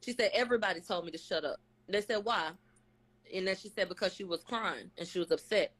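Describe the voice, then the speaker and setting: A woman's voice: medium pitch, fairly quick, a bit bright. A woman giving a casual, profane live recap, rattling off what people said and acting out their quotes. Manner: blunt, profane, slangy, quotes testimony in acted voices. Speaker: vlogger recapping a court case.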